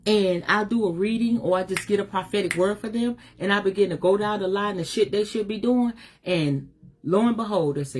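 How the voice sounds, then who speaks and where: A woman's voice: mid-range voice, a little fast. A middle-aged woman giving a livestream motivational talk as a spiritual teacher, emphatic, slangy and direct.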